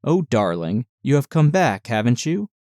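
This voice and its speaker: A man voicing a tender, fragile young woman nurse in an audiobook, speaking softly and pleadingly. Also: medium pitch, big pitch swings, normal speed, no room sound, studio quality.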